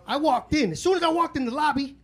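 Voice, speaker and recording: Higher-voiced man doing profane stand-up. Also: fast talker. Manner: profane, loose, street-slang delivery; acts out his own and others' voices. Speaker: stand-up comedian. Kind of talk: live stand-up storytelling. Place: comedy club stage. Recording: live club recording with room noise.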